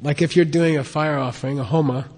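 A man's voice: a little high, steady tone, fast, darkish tone, breathy edge. Chatty male teacher in an echoey hall. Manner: chatty, repeats "okay?" to check on students. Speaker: teacher of Tibetan and Sanskrit texts. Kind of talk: informal classroom teaching.

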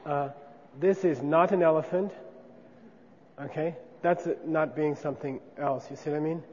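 A teacher gives a relaxed classroom lecture on Buddhist philosophy at a moderate pace, frequently checking in with his listeners by asking "okay?" His voice sits fairly high for a man. The lo-fi audio is dull, with a long hall reverb and faint background noise.

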